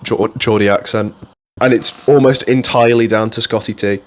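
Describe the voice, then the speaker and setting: A man's voice: lowish voice, fairly even intonation, normal speed. Rambling, swearing young English man. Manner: rambling, swears freely, restarts often. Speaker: podcast co-host. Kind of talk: casual chat.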